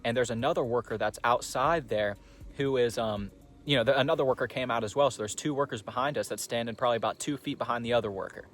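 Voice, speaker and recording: A man's voice: medium pitch, quick pace, a bit bright. A young man rambling through a casual storytime monologue, profane and full of fillers.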